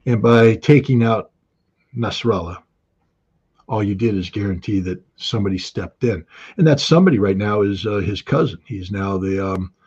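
A man's voice: lowish voice, normal speed, a little mellow, breathy edge, highs cut off. A man giving conversational analytical commentary in an interview, with frequent ums and restarts.

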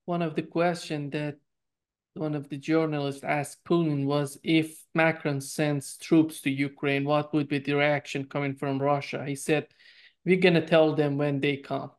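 Measured interview host asking questions. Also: medium pitch, level tone.

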